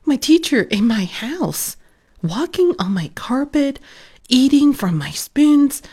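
A flustered young boy with a high, climbing voice that trips over his words, as a woman reading a storybook puts him on. His lines come out loud and strained, lurching up in pitch. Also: slow, slightly rough, full character voice. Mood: indignant. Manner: stammering, high and excited.

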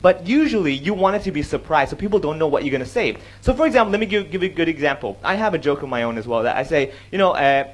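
Male stand-up giving a talk, animated, high and very expressive pitch. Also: racing, few pauses, low-quality recording. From Hong Kong. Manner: animated, switches between English and Cantonese. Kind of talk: talk on comedy with joke examples. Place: stage before an audience.

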